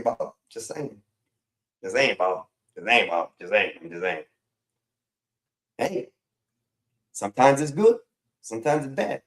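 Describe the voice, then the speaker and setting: A man hosting a casual livestream, rambling and repeating phrases as he talks to his chat. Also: medium pitch. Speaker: livestream host.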